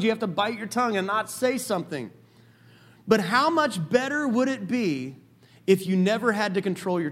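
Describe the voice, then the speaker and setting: A man preaching a sermon as pastor, telling a story with lively asides. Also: high voice.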